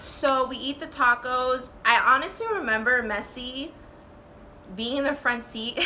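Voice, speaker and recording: A woman in her twenties telling a storytime vlog in a casual, animated way, swearing and saying "like" a lot. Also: high voice, a little slow, a little hiss or hum. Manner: animated, swearing, full of "like" fillers.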